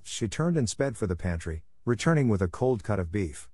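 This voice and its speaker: A man reads a first-person ghost story in a calm, measured way. His voice sits low, and the recording is dry and close with no room sound. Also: no room sound. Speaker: narrator. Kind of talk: scripted ghost story narration.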